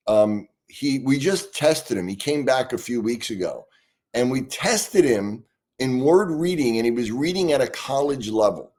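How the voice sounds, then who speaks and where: A man's voice: mid-range voice, darkish tone. A man, a guest expert in an interview, speaking earnestly and passionately, often restarting his sentences. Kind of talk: conversational interview answers.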